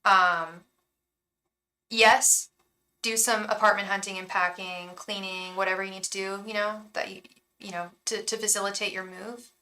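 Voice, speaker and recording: Young woman doing a live tarot read, bright voice, rambly and emotional, lots of restarts. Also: mid-range voice, level tone, normal speed. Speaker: tarot reader. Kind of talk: live tarot reading, casual chat.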